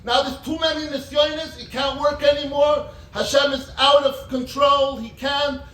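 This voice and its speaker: A man giving a rabbinic talk. He tells a Hasidic story in an animated way, with sudden shouts and quick asides. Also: very high-pitched. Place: gathering in a large room. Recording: echoey room, mic at a distance.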